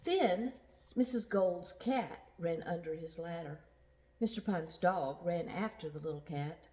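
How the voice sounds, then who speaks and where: A woman reading a children's picture book aloud, slowly and expressively, with sound effects. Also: on the low side, dark tone. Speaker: storyteller.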